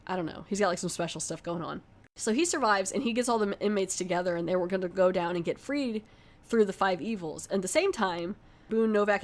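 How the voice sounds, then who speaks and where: A woman hosting a podcast, giving a casual, rambling film recap full of filler words and wry, sarcastic asides. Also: fairly low pitch. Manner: rambling, chatty, lots of "like" fillers. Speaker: podcast host reviewing a film. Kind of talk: casual spoiler-heavy movie recap.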